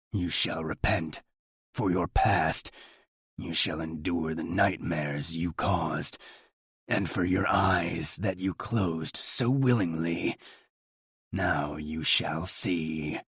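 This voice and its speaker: A man voicing a menacing cloaked broadcaster in an audiobook, speaking in a creepy, slow, low voice. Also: fairly bright tone, slightly rough, no echo, studio quality, heavily acted. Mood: ominous. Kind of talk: audiobook narration.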